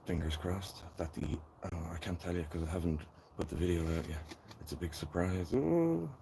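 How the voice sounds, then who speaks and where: Deep-voiced Dublin man chatting live. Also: level tone, a little fast, background noise. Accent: Dublin Irish. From Ireland. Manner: chatty, rambling, talks to his viewers while working. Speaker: gardening channel host. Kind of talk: casual live-stream chat. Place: garden.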